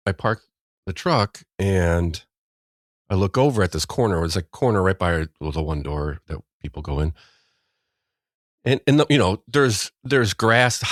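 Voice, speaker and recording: Middle-aged Midwestern man, very low voice, rambling storyteller, dry close mic. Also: no room sound. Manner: rambling storyteller, acts out quotes loudly. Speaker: podcast co-host. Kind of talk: casual chat.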